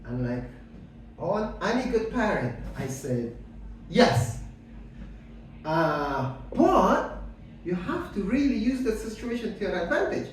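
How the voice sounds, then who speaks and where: Middle aged guy doing standup, dry deadpan jokes, slow with lots of ums, echoey room and a bit far from the mic. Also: sits high, a little hiss or hum. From Afghanistan. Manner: dry, deadpan, hesitant with many fillers. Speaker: stand-up comedian. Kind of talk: stand-up comedy with crowd work. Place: comedy club stage.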